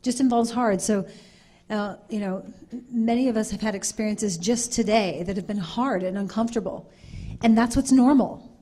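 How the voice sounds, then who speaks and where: A woman's voice: medium pitch, moderate pace, dark tone. A woman speaking on a conference panel, earnest and repetitive, acting out little quoted exchanges as she explains.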